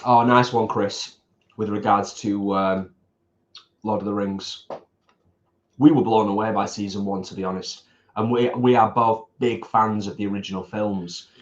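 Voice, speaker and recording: A man's voice: lowish voice, steady tone, measured pace, muffled recording. A man co-hosting a casual eating livestream, chatting and rambling while reading out viewer comments. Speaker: co-host of a food channel. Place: home, eating at a table.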